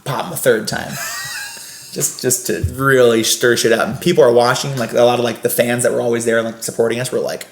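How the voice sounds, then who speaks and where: A young man, a podcast guest, animatedly telling a story with quick asides and lots of laughter. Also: mid-range voice, gravelly. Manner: lively, laughing, fast asides with filler "like". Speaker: podcast guest, former scare actor. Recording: roomy echo.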